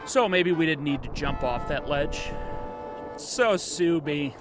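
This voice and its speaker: A man's voice: fairly high pitch, lively intonation, slow, music in the background. A man streaming a video game, joking casually and talking to his chat as he plays. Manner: chatty, jokey, talking to chat. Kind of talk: casual gameplay commentary.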